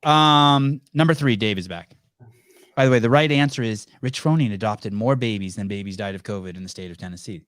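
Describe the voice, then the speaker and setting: A man's voice: on the low side, a little fast, a bit bright, no echo. Teasing man hosting a call-in show. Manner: joking, teasing, rambling with restarts. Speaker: podcast host. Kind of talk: casual call-in show banter.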